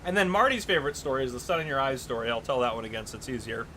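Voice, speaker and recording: A man's voice: medium pitch, expressive, racing, pushed and bright, a little hiss or hum, low-quality recording. A man chatting casually on a live gaming stream, telling stories, reading chat aloud and laughing often.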